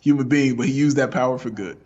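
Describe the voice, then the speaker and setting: A man's voice: medium pitch, fast talker, a little mellow, muffled recording. A man appearing as a podcast guest, chatting casually in slangy speech and laughing often. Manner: laughs a lot, slangy, hypes the other speaker up. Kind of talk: casual chat.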